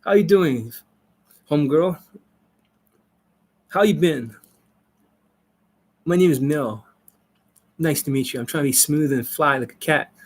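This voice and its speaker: A man's voice: a little high, a little slow, long pauses. A man voicing a swaggering young man casually greeting a woman, breezy and slangy. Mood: cocky.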